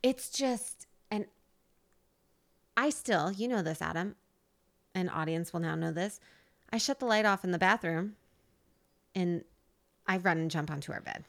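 Lively woman co-host retelling a movie. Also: fairly low pitch, unhurried, long pauses. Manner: animated, playful storyteller. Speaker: podcast co-host. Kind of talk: casual chat reviewing a movie.

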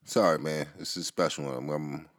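Very deep-voiced rambling man podcaster. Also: steady tone, a little fast, fairly bright tone. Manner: loose, rambling, with many fillers, restarts and laughs; profane and heated. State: relaxed from smoking. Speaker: podcast host. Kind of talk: casual rambling monologue. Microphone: home podcast mic.

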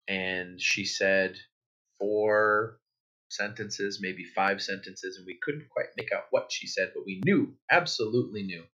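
A man in his thirties, a guest author, telling a personal story in a relaxed, rambling way with many fillers and restarts. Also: sits low. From New Hampshire, United States. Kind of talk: conversational interview storytelling. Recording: dull lo-fi audio.

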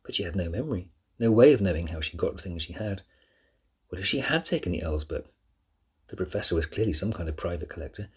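A man narrating a children's novel chapter by chapter in a measured, steady reading. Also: low voice, slightly rough. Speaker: audiobook narrator. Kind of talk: scripted storybook narration.

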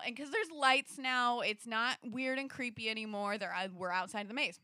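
A woman tells a personal story in a bright, forceful voice that sits a little high. She talks animatedly, packing in fillers and restarts. The sound is close and dry. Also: moderate pace, few pauses, no echo. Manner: acts out quoted lines, rising into shrieks. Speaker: storyteller in a conversation. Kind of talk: casual personal anecdote.

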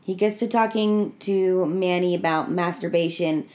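Woman, casual podcast, animated storyteller, film recap. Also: on the low side, moderate pace. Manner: animated storytelling, acting out quotes.

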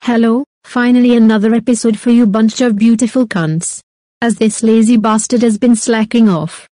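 A woman's voice: a little high, steady tone, normal speed, mellow, no room sound. A woman giving a brash, foul-mouthed mock sponsor introduction to a comedy podcast. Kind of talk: crude comic sponsor intro.

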